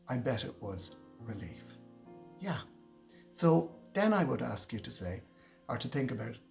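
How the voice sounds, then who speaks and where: A man giving a gentle, reassuring training talk to carers, speaking directly to his audience. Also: medium pitch, vocal fry. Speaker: care trainer. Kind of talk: instructional talk to camera.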